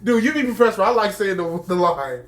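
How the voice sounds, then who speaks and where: A young man in his twenties co-hosting a podcast, telling stories in a profane, joking, animated casual chat. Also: sits high, brisk. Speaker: podcast co-host.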